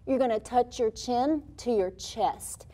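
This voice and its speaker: Upbeat woman w a highish voice walking little kids thru animal yoga poses, super encouraging. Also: unhurried, mellow. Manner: cheerful, encouraging, speaks simply to small children. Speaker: children's movement instructor. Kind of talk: leading a kids' yoga class.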